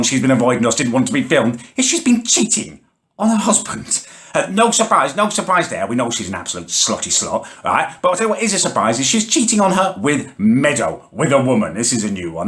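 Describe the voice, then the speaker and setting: A man's voice: mid-range voice, a bit bright. A man in a comedic vlog, ranting angrily and swearing with exasperation. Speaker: vlogger.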